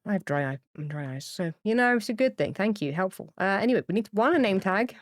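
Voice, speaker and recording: Fast and expressive, this woman's mid-range voice comes through without echo on a streaming mic, camera off. She rambles chattily to her viewers during a game livestream, using lots of fillers. Cute pets make her gush to the point of tears.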